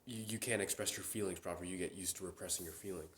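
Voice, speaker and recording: A man's voice: sits low, steady tone, quick pace, a little hiss or hum. A young man hosting a casual solo chat. He rambles, with many fillers and restarts. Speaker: podcast host. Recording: roomy echo.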